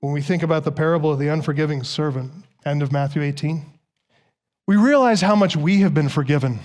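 A man's voice: fairly high pitch, fairly quick, darkish tone. A man preaching a sermon as pastor, emphatic and repeating words for stress.

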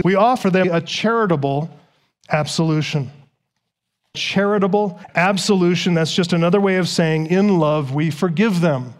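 A pastor delivering a sermon to his congregation. The man's voice sits high for a man, and he leans hard on key words, repeating them for stress.

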